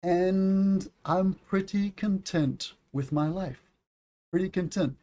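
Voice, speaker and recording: A man from the United States, middle-aged, teaching a casual English lesson on a livestream, reading chat and drilling pronunciation slowly and clearly. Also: high-pitched, warm tone.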